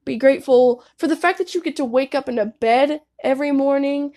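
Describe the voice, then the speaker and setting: A woman's voice: high voice, a little fast, warm tone. A young woman giving candid, casual advice to her viewers, swearing freely and saying "like" a lot. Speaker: vlogger.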